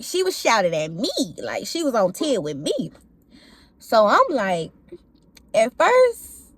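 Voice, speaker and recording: A young woman vlogger telling a story to camera in casual, slangy talk, swearing freely and acting out what she said. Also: high voice.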